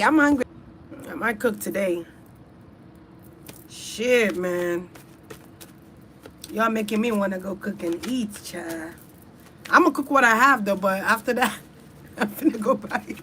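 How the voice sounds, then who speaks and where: A woman's voice: a little high, fairly bright tone, slight background noise. Profane, chatty woman host. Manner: loose, profane, chatty, talks straight to her audience. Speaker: online reader and host. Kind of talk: casual rambling chat to viewers.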